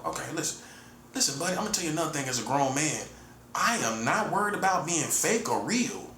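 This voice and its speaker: A man's voice: fairly high pitch, sing-song, fast, sharp tone. A man in his forties with a defiant, taunting manner, talking in a solo monologue and repeatedly addressing his listener as "buddy.". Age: 40s. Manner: taunting and repetitive, keeps saying "listen, buddy"; defiant, chuckles between points. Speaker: self-styled prophet streamer. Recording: roomy echo with faint room noise.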